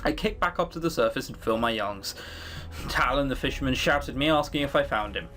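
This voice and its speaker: A man reading a visual novel aloud as a let's player, with expressive delivery and playful asides. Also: mid-range voice, brisk, a little hiss or hum.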